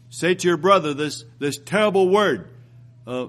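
A man preaching a sermon, reading scripture aloud and repeating phrases, rising and slowing down to drive points home. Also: on the high side, lively intonation. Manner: reads scripture aloud, rises and slows for emphasis.

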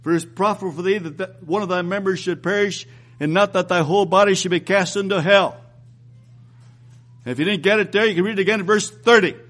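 A man with a notably high voice delivers a sermon, reading old scripture aloud between his own remarks. He hammers his points with repeated phrases, climbing higher and slowing down on the key lines. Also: a bit bright. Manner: reads scripture aloud, rises and slows for emphasis. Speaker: preacher.

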